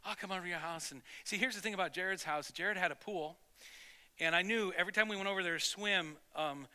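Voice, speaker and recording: Bright-voiced male pastor telling a story. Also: high-pitched, brisk. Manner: animated storytelling, lively asides. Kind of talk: sermon.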